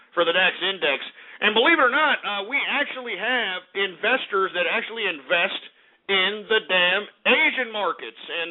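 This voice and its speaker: A male radio host with a high voice reads market numbers and snaps combatively at his audience. His voice comes through narrow and tinny, like a phone line. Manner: abrasive, combative, insults listeners. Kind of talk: ranting market report on talk radio.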